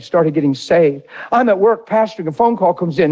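A middle-aged man preaching, his voice husky and set a little high for a man. He tells a personal story from the pulpit in an earnest, conversational way, with a warm, mellow tone. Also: lively intonation, normal speed, few pauses, poor audio. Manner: earnest, conversational retelling with quoted dialogue. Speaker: pastor. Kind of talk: sermon testimony storytelling.

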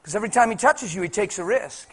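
A male preacher delivers his sermon in a high, lively voice. He talks in an animated, colloquial, conversational way. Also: quick pace, breathy edge.

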